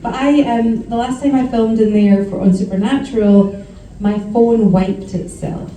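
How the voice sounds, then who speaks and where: A woman's voice: on the high side, fairly even intonation, a little slow, mellow, a little hiss or hum. A woman on a convention panel, sharing stories in a giggly, chatty way. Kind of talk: anecdotal panel talk. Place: convention hall. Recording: roomy hall audio from a distance.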